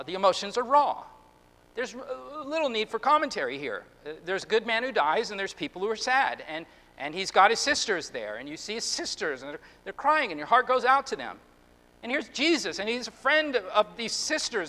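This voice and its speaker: A man preaching a sermon as pastor, earnest and halting, often restarting his words. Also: high voice, pushed and bright. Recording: long reverb of a hall.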